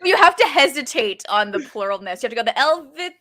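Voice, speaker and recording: A woman co-hosting a casual podcast, with a raspy throat, playful and teasing. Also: fairly high pitch, big pitch swings, quick pace, pushed and bright. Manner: playful, teasing, laughs often. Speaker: podcast co-host.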